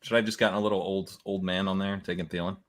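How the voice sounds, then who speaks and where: A man's voice: deep voice, little pitch movement, racing. A man hosting a casual fantasy football live stream, thinking aloud about his picks and laughing easily. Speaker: fantasy football podcast host drafting live.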